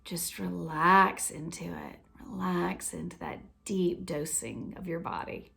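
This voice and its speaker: A woman teaching a laughter practice in a gentle, unhurried way, often dropping to a near whisper. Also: fairly low pitch, fairly even intonation, vocal fry. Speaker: laughter coach. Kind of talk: instructional talk.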